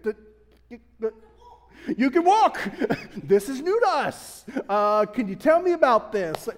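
A man's voice: high voice, long reverb tail. A man preaching a casual sermon as pastor, chatty and joking, laughing often and restarting his sentences. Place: church sanctuary.

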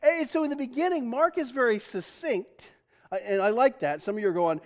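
A male pastor with a high voice gives a chatty, self-deprecating sermon. He laughs often, restarts his sentences, and talks easily to the congregation. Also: lively intonation, moderate pace.

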